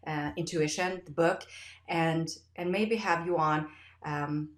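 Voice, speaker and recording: A woman hosts a podcast in casual conversation, effusive and animated. Her voice sits a little low for a woman. The sound has a roomy echo around it. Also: takes it slowly. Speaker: podcast host. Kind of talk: casual interview chat.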